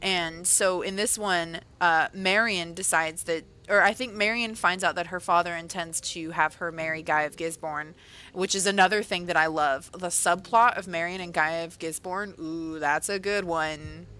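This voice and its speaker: Woman, livestream host, casual chat, rambling, lower pitch, bright tone. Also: fairly even intonation, moderate pace, clean tone. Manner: chatty, rambling, self-correcting.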